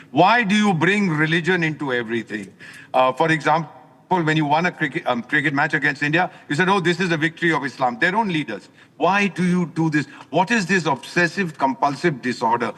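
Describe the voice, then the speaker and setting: A man's voice: a little high, animated, a little fast, big-room sound. Indignant older man phoning in from a car. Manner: forceful, indignant, lecturing. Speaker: former ambassador, guest commentator. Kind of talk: phone-in commentary while driving.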